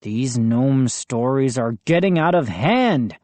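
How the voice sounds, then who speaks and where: A woman's voice: a bass voice, expressive, slow pace, a little mellow, dry recording, exaggerated voice. A woman plays a tired, stern father in a storybook reading. he snaps and scolds with clipped impatience, heard close and dry. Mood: scolding. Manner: snapping, scolding.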